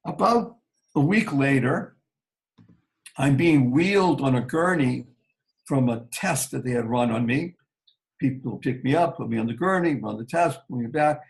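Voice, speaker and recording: A man telling a personal story slowly and earnestly as an interview guest. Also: medium pitch, animated, creaky, poor audio.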